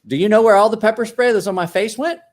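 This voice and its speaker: A man's voice: sits high, quick pace. A man in his forties telling a story in casual chat as host, acting out quotes with big jumps and laughs.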